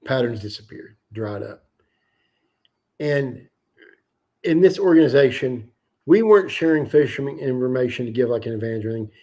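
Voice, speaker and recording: A man hosting a livestream, telling a fishing story in a casual, animated and profane way. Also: mid-range voice, normal speed, long pauses. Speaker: livestream host.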